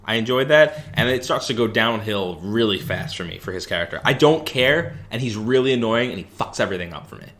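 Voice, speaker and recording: A man's voice: on the low side, fairly quick, few pauses, a little hiss or hum. A man co-hosting a podcast, retelling movie scenes in casual chat, often stopping to restart. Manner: animated storytelling, hesitant. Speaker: podcast co-host.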